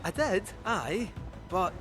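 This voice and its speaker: Cheeky cat puppet, high sing-songy voice, game music under it. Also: male voice, very animated, slow, full character voice. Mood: hesitant.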